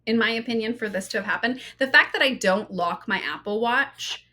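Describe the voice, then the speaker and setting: Bright-voiced chatty woman podcast host. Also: a little high, fairly quick. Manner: animated and chatty, many "like" and "you know" asides. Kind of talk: casual storytelling monologue.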